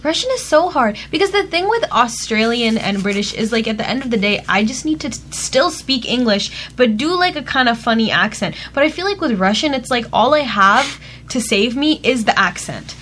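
A woman's voice: fairly high pitch, expressive, brisk, a bit bright, slight background noise. A young woman in casual chat among friends, teasing and reacting expressively.

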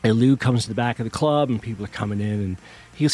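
A man's voice: fairly low pitch, fast talker, a little mellow. Rambling self-deprecating male radio host. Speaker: music show host and DJ. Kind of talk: casual storytelling monologue.

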